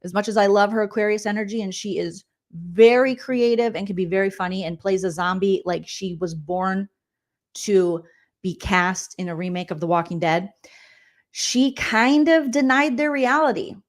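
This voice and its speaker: A woman comedian hosting a casual reaction vlog, chatty and animated, full of asides. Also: mid-range voice, moderate pace. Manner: chatty and animated, acts out quotes with lots of asides. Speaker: comedian and reality TV recap host.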